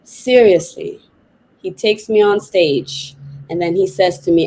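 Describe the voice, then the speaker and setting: A woman psychotherapist, a podcast guest, telling a personal story in a lively, vivid way. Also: fairly low pitch, unhurried, a little hiss or hum, poor audio. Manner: animated, vivid retelling with laughs.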